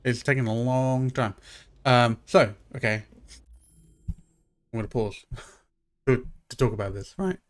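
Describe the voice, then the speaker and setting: A man telling a rambling story during a live game stream, full of fillers, restarts and excitable asides. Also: mid-range voice, a little slow, long pauses. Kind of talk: casual live-stream chat.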